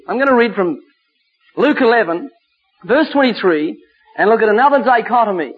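High-voiced husky male preacher. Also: animated. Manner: emphatic, slows down to stress scripture. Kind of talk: sermon with storytelling. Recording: dull lo-fi recording.

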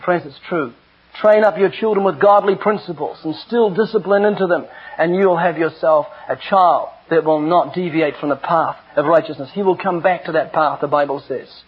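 Husky high-voiced male preacher. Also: normal speed. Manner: earnest, emphatic preaching. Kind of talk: sermon with personal stories. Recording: dull lo-fi recording.

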